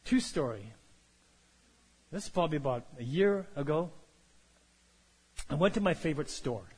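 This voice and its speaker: A man preaching a sermon, telling a story that builds from quiet to loud and calling out for amens. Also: a little high, lively intonation, normal speed, husky, in a large hall. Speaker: pastor.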